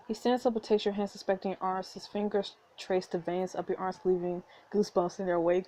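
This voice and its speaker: A woman's voice: mid-range voice, flat delivery, brisk, few pauses, warm tone. A woman hosting a let's play, reading a story game aloud and reacting with giggly asides.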